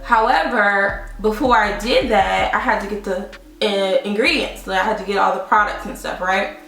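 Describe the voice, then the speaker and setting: A young woman chats through a beauty product review, spinning an animated story and laughing often as she talks to her viewers. Her voice sits a little back from the mic in a roomy, echoing space. Soft music plays faintly underneath. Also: medium pitch, moderate pace, distant mic. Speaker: beauty vlogger. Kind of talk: casual chatty product review.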